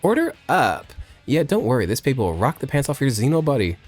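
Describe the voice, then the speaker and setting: A man's voice: big pitch swings, fairly quick, soft background music. A man voicing a cheerful woman who sells hot dogs at a cafe in a video game. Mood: chirpy. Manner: upbeat sales pitch. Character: chirpy woman running a hot dog cafe.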